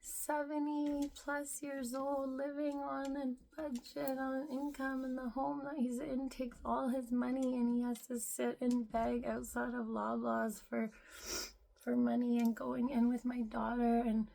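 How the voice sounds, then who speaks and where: Slow-talking, musing woman in her thirties. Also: high voice, little pitch movement, creaky, slight background noise. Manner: meandering, heavy use of "like", soft musing tone. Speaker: spiritual vlogger. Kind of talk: casual rambling monologue.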